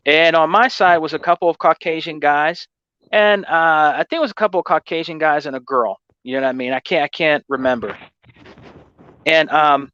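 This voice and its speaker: A man with a high-pitched voice tells a gaming story in loose, rambling casual chat, leaning on "you know what I mean" and "man". The recording is dry and close, with a slightly dull, muffled tone. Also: a bit bright, dry recording. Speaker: gaming channel host.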